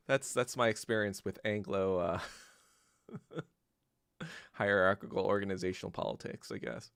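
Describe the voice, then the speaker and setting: A man hosting a podcast in a casual, profane rant that swings between low muttering and loud outbursts. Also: moderate pace, gravelly, pauses often, clear, resonant tone, dry recording, clean studio sound. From Korea. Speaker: podcast host. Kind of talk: casual ranting monologue.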